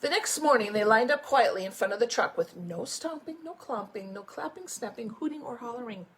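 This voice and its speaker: A woman school principal reading a picture book aloud to children, with animated storytelling and chatty asides. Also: fairly high pitch, brisk, husky. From United States.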